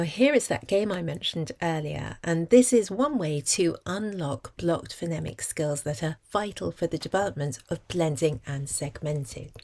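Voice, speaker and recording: A woman explaining phonics in a measured lesson, sounding out word parts slowly. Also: sits low, a little mellow. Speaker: literacy teacher.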